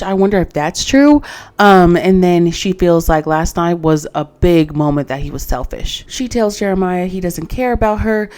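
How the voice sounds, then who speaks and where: A woman's voice: a little mellow, clean tone. A woman giving a casual, sassy recap of a reality dating show, acting out quotes from the cast as she goes. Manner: sassy, acts out cast quotes with rising pitch.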